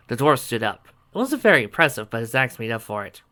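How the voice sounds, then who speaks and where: A steady, even narrator reads a fan fiction story aloud. The voice is bright and forward, with a plain storytelling delivery. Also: mid-range voice, quick pace, few pauses. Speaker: reader.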